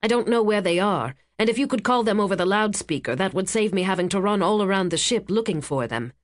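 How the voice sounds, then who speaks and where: A woman's voice: mid-range voice, animated, quick pace, lightly acted. A woman voicing a tense, determined young female journalist who speaks urgently and slightly out of breath. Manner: urgent, pressing, a little breathless.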